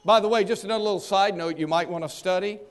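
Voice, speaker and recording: A man preaching a sermon, acting out the people in the story and swinging between loud and soft. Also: high voice, fast talker, clean tone. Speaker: pastor.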